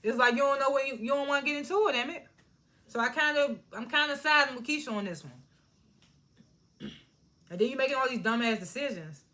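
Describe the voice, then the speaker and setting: A woman casually recapping and reviewing a TV episode, blunt and animated, swearing freely and laughing often. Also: sits high, fairly quick, long pauses.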